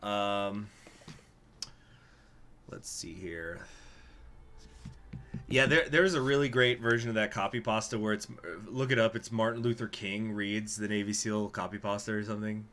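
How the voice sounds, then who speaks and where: A man's voice: lowish voice, steady tone, a little slow, pauses often, fairly bright tone. A man casually commenting on a strategy game as he plays, reading events aloud with laughing asides. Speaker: game streamer.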